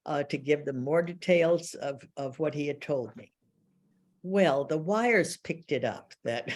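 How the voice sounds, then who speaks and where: Lively older woman telling a story. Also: sits low. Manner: animated storyteller, acts out dialogue, laughs often. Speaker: veteran journalist, interview guest. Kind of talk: storytelling interview.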